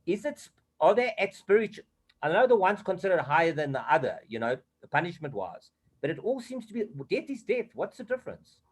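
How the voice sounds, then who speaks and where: Lively man asking eager questions. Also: high voice, fairly quick, low-quality recording. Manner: asks questions eagerly, rising and falling. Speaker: study group member. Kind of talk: casual study group discussion.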